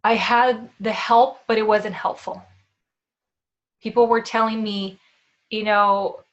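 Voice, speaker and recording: A woman's voice: mid-range voice, flat delivery, fairly bright tone. A woman podcast host telling a candid personal story, with frequent restarts and asides of "like" and "right?". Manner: candid, quick restarts, often says "like" and "right?".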